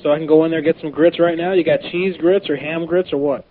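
A man's voice: a little high, fairly even intonation, fast, heavy background noise. A man making a brash, taunting prank phone call on a radio show. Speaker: prank caller, radio host. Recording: tinny phone line with crowd behind.

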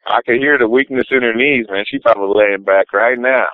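A man's voice: mid-range voice, brisk, no room sound, narrow, tinny audio. A man joking and bantering as co-host on a prank show. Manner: joking, playful.

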